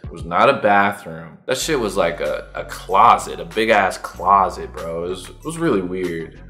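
Animated young man telling a story. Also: deep voice, moderate pace, faint music behind. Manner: animated storyteller, slangy and profane, acting out his own past lines. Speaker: vlogger. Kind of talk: storytime vlog.

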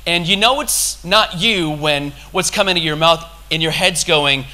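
Bright-voiced, impassioned man preaching. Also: high-pitched, normal speed. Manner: impassioned, conversational preaching with sudden loud bursts. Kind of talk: sermon.

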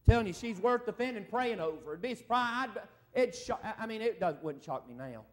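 A man's voice: high voice, lively intonation, a little fast. A middle-aged man preaching a folksy revival sermon in a church, calling out for amens from the congregation. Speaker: evangelist. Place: church service.

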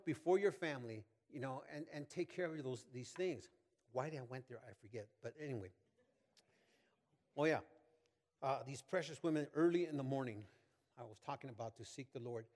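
A man in his sixties preaching a sermon as pastor, folksy and rambling with many fillers and asides. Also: fairly high pitch. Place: church sanctuary. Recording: long hall reverb.

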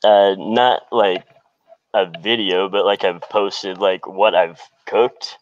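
Earnest caller on dull video-call audio. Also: male voice, on the low side, fairly even intonation, slow pace, a little hiss or hum. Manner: hesitant, many fillers and restarts, earnest. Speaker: caller on a Q&A show.

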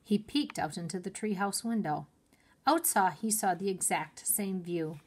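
Reading a children's chapter book to her listeners, a female teacher brings the story to life with expressive narration. She speaks unhurriedly at a medium pitch.

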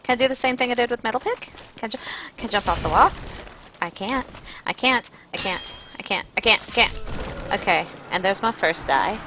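A woman's voice: fairly high pitch, lively intonation, normal speed, over music, poor audio. A woman streaming a game, chatting casually with viewers and joking about her own play. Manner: chatty and self-mocking, greeting chat viewers. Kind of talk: casual gameplay commentary.

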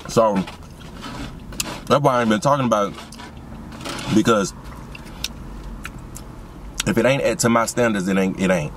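A young man rambles excitedly to his viewers about his new seasoning business from a parked car. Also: lowish voice, a little slow, long pauses, slight background noise. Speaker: vlogger and seasoning business owner. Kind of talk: casual car vlog while eating.

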